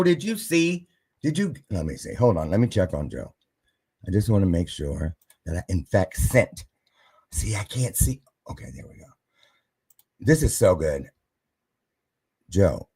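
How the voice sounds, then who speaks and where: Animated, husky-voiced male show host. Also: lowish voice. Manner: animated, acts out quoted voices. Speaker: live-stream show host. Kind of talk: casual storytelling monologue.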